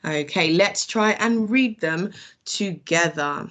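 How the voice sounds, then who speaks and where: A woman's voice: fairly low pitch, lively intonation, slow pace, fairly bright tone. A woman teacher with a British accent, sounding out words letter by letter in a children's phonics lesson and praising often.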